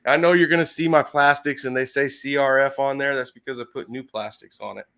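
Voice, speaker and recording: A man's voice: mid-range voice, steady tone, brisk, sharp tone. Laid-back older man streaming from his garage. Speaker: live-stream host. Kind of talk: casual live-stream chat. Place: home garage workshop.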